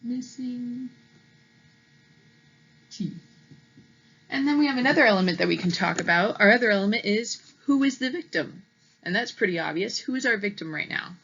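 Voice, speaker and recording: A woman's voice: medium pitch, animated, fast, vocal fry, fairly bright tone, slight background noise. A woman teacher reading a story aloud to children, explaining patiently and checking in with "okay?" after each point. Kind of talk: read-aloud lesson for kids. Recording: slightly muffled audio.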